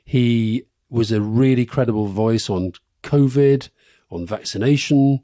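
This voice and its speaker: A man's voice: mid-range voice, measured pace, warm tone, dry recording, clean studio sound. A middle-aged man co-hosting a live podcast, telling wry anecdotes and laughing as he goes. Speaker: podcast co-host. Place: live stage event.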